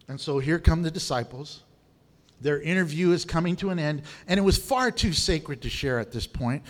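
A middle-aged man preaching a sermon as pastor, lively and humorous, acting out quotes and asides. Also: on the high side.

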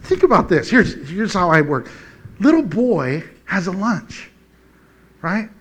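A man with a notably high voice delivers a casual, conversational sermon. He talks in a folksy, animated way and often chuckles between points. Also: slow. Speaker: preacher.

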